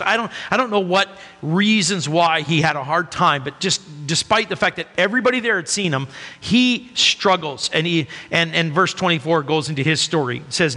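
Bright-voiced man preaching in a hall. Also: on the high side, normal speed. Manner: earnest, conversational preaching. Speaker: pastor. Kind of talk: sermon.

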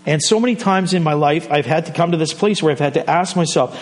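A middle-aged man, the pastor, preaching a sermon in a relaxed, conversational way, often breaking off mid-sentence and dropping joking asides to the congregation. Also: fairly high pitch, fast talker, hardly any pauses. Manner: conversational, self-interrupting, jokey asides.

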